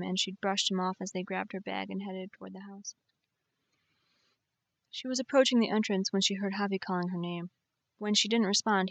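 A woman reads a novel aloud in measured, expressive audiobook narration. Her voice sits at a middle pitch, and the close mic gives it a dry sound with no room around it. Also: no echo.

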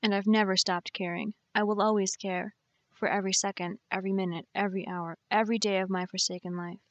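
A woman's voice: medium pitch, flat delivery, fast talker, highs cut off, natural voice. Intense young cowboy, as a woman reads him. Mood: tender. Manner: urgent, emphatic.

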